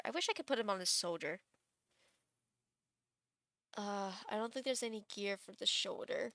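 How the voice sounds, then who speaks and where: A woman's voice: medium pitch, big pitch swings, normal speed, long pauses, fairly bright tone, dry recording, clean studio sound. A woman streaming live, chatting casually and thinking aloud while she builds a game character, gushing and laughing.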